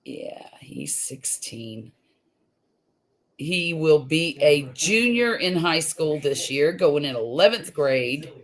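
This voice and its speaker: A woman's voice: deep voice, lively intonation, slow. A woman, hosting a homey, chatty live stream from home, laughing easily and trailing off into fillers. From US Gulf Coast. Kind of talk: casual live-stream chat. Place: home room.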